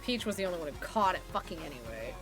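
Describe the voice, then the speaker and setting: A woman's voice: fairly low pitch, sing-song, fast. A woman streaming a game live, chatting casually with plenty of swearing and reading the characters' lines aloud with gusto. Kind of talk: live let's-play commentary. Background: game music.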